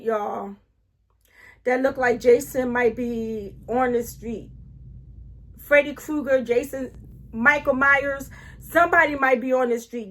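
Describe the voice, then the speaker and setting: In a casual story-time vlog, a middle-aged woman with a high-pitched voice talks animatedly. She keeps turning to her viewers with asides and often restarts sentences as her excitement builds.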